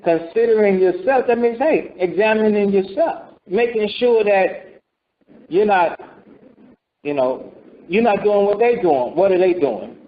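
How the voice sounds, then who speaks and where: Brief: male preacher, high register, teaching scripture conversationally with rhetorical questions, muffled recording. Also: animated, unhurried. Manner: rhetorical questions, acts out voices. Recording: dull lo-fi recording.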